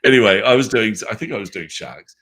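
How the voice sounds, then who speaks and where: A man with a New Zealand accent, a guest telling a story from his life in a lively, casual way with everyday fillers. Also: lowish voice, fast. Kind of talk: conversational storytelling.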